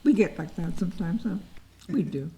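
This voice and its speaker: Warm and lowish, her voice swings widely in pitch at a normal speed. Teaching an informal Bible study, she encourages listeners emotively and repetitively, frequently voicing heartfelt cries to God.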